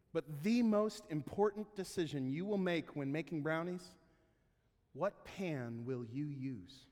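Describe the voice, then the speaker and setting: Slow, conversational male preacher in a hall. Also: a little high, darkish tone. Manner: conversational and humorous, with frequent tag questions. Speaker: pastor. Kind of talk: sermon. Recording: long hall reverb.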